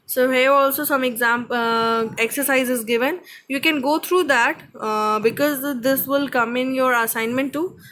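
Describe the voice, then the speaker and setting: A woman's voice: high voice, steady tone, moderate pace, few pauses, a bit bright, low-quality recording. A woman teacher with an Indian English accent giving a grammar lesson, explaining patiently and checking with "okay?" after each point.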